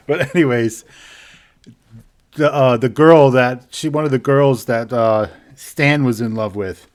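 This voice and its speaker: A man's voice: medium pitch, takes it slowly, long pauses. A young man co-hosting a casual podcast chat, laughing and swearing as he acts out quoted voices. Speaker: podcast co-host.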